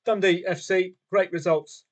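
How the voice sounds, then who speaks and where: A man talks through live football odds on a members' stream, casual and conversational. He poses rhetorical questions to viewers and mutters asides to himself. His voice sits a little higher than most men's. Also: steady tone, measured pace. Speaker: football trading livestream host. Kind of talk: casual live commentary on matches and bets.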